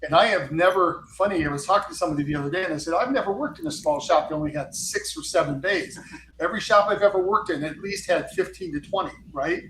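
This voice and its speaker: A man with a fairly high voice tells stories in a modest, chatty way as a podcast guest. His audio is roomy, with a faint hum of ambience behind it. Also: fast, a bit bright. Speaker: panel guest, repair shop owner. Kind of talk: casual podcast interview.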